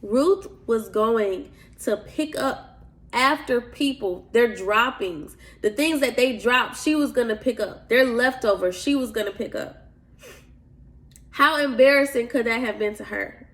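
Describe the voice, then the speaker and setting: A woman tells a personal faith story in an earnest, confiding way. She talks straight to her listeners. Her voice sits a little high. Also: unhurried. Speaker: podcast host. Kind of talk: faith testimony monologue.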